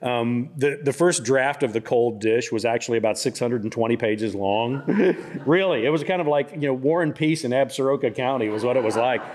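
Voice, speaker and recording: Middle-aged male author, folksy storyteller, rambling with lots of fillers, medium pitch. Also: a little mellow. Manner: folksy, drawn-out anecdotes full of "you know" and "like". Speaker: author speaking at a book festival. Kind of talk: humorous storytelling talk. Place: church hall.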